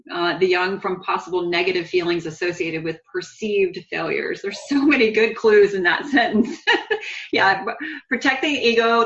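A woman's voice: on the low side, a bit bright. A woman hosts an interview in a reflective, appreciative way. Her voice has a slightly dull, lo-fi sound. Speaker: host.

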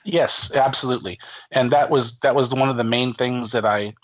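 A man's voice: mid-range voice, normal speed, no room sound. A man in his forties, a guest author on an interview, telling stories casually with lots of fillers and restarts. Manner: rambling, many fillers and restarts, acts out quoted family voices. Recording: dull lo-fi dry audio.

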